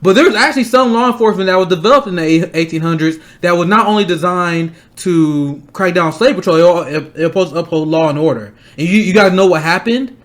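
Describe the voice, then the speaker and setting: A young man hosting a political stream, angry and blunt, ranting fast and swearing often. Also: high-pitched. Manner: fast, repeating himself to stress points. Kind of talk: heated political commentary.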